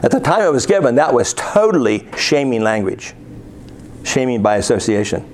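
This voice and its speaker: A man's voice: medium pitch, big pitch swings, normal speed, a little hiss or hum. A man preaching a sermon, reading scripture aloud and asking his listeners rhetorical questions.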